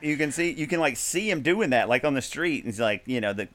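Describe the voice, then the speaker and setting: A man co-hosting a casual music chat, animated and swearing freely, breaking into sung bits. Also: a little high, fast, few pauses. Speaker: podcast co-host.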